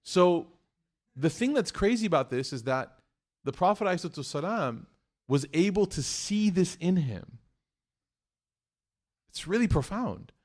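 A man's voice: high voice, normal speed, long pauses. A man giving a sermon, acting out the voices in his stories with humor, then exhorting earnestly. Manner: acts out story voices, animated and joking. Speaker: preacher. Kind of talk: storytelling sermon.

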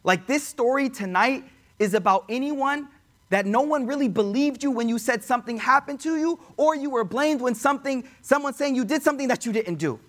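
Male preacher with a high voice, conversational storytelling sermon with Arabic quotations. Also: fairly quick, a bit bright. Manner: conversational, addresses audience as y'all, quotes Arabic.

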